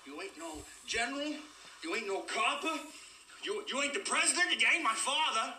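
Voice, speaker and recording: An actor playing a bitter, volatile young lighthouse hand who rants and curses in rough backwoods grammar. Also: male voice, very high-pitched, expressive, moderate pace, sharp tone, reverberant, exaggerated voice. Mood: furious rant. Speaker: film character. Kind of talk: film dialogue.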